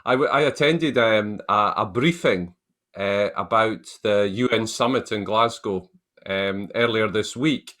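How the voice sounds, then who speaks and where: A man moderating a business panel over a video call, polite and measured as he passes turns to the speakers. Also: on the low side, fairly bright tone. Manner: measured, polite, turn-giving.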